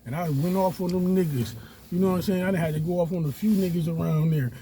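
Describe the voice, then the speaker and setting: A man telling a story casually, animated and profane, acting out quotes in a raised voice. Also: high-pitched, fast, slight background noise.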